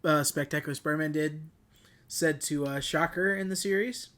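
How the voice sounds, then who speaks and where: A man's voice: a little high, normal speed, fairly bright tone. A man co-hosting a casual movie review podcast, rambling and searching for his words. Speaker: podcast co-host.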